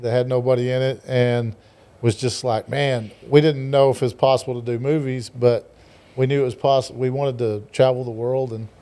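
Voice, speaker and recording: A man's voice: medium pitch, little pitch movement, moderate pace, warm tone. A man from Texas with a southern drawl, an easygoing guest in a casual interview. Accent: Texan southern drawl. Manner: easygoing, loose phrasing. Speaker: guest filmmaker.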